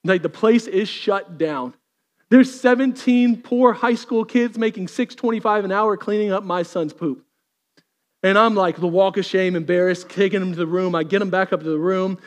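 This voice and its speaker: High-voiced preacher. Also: male voice, moderate pace, in a large hall. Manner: energetic storytelling, dropping to quiet intensity. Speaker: pastor. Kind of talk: sermon.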